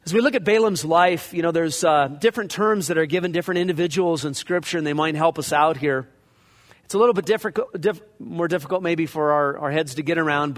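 A man preaching a verse-by-verse sermon in a conversational way, acting out scripture passages in character as he goes. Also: fairly high pitch. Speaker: pastor. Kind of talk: expository sermon. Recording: long reverb of a large hall.

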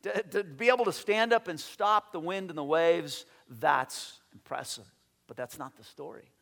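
Male pastor, high voice, lively sermon delivery with acted-out quotes, hall reverb. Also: normal speed, creaky. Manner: animated, acts out voices in quotes, repeats words.

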